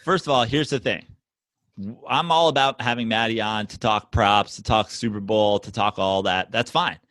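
A man's voice: moderate pace, no echo. Brash, mocking man arguing sports. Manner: loud, mocking, profane, mimics others in shouted high voices. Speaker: podcast co-host. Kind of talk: heated sports debate.

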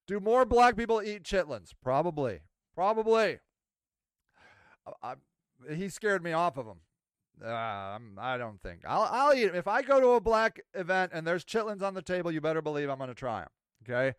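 A man's voice: sits high, very animated, fairly quick, fairly bright tone, clear, resonant tone, no echo, clean studio sound. A man hosting a podcast, talking in a casual, rambling, self-mocking monologue. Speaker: podcast host.

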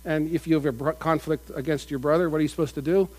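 A man's voice: a little high, fairly even intonation, quick pace, a little mellow, low-quality recording. A man preaching a conversational sermon, often repeating and restarting his phrases. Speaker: pastor.

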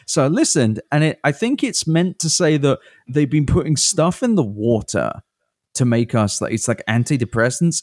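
A man's voice: mid-range voice, no room sound. Podcast co-host, man, sardonic casual chat, dry close sound. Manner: sardonic, swears a lot.

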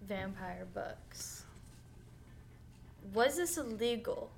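A young woman co-hosting a casual podcast, chatting in a relaxed way and laughing often. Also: medium pitch, extremely slow, creaky, slight background noise. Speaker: podcast co-host. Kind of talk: casual chat.

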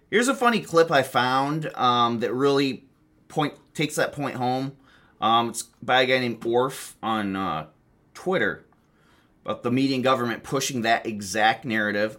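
A man's voice: mid-range voice, expressive, normal speed, a bit bright. A man giving an opinionated political monologue, sarcastic and mocking. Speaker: political commentator.

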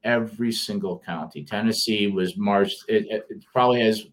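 A middle-aged man with a Detroit accent talks in a low voice. He rambles through casual podcast conversation, stopping and restarting his sentences with plenty of fillers. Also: steady tone, normal speed. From Detroit area, US.

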